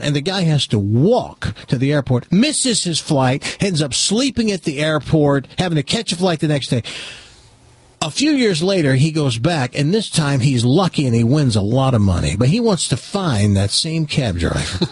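A man's voice: on the high side, moderate pace, husky, no echo. A man hosting a radio talk show, chatting casually and telling a long joke, acting out the characters. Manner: animated storyteller, voices characters in a joke.

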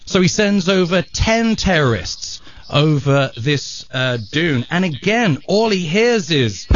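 Animated male storyteller on radio. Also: on the high side, unhurried, slight background noise. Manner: animated storyteller with bursts of sound effects. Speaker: radio show regular at the control board. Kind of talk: storytelling a joke on air. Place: radio studio. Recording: dull lo-fi radio broadcast.

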